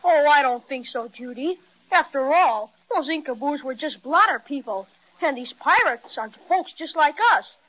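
A woman's voice: high-pitched, lively intonation, normal speed. A plucky young boy twin. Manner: eager, earnest, boyish exclamations. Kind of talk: old-time radio drama acting. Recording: dull old recording.

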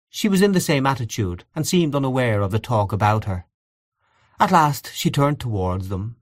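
A man narrating a story in a low, expressive voice that moves widely in pitch. The delivery is measured, and the recording is dry and close. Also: no echo. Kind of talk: audiobook narration.

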